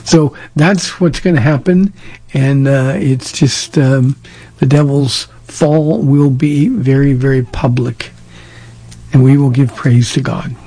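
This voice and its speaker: Gravelly, husky-voiced man pastor. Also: mid-range voice, steady tone, takes it slowly, mellow. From Southern California. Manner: plain-spoken and direct, telling stories. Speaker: pastor answering listener questions. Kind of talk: casual call-in advice talk.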